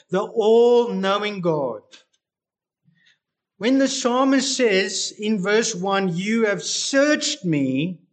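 A man delivering an expository sermon in a notably high voice. He speaks slowly and deliberately, and he stresses key words with emphasis. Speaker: preacher.

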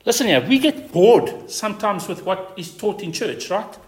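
A man preaching a sermon as pastor, stressing key words with repetition and rising to high emphatic peaks. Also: animated, normal speed.

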